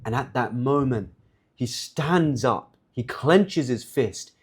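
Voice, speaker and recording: A man's voice: mid-range voice, expressive, takes it slowly, breathy edge. A man giving a religious lecture in an impassioned, sarcastic manner.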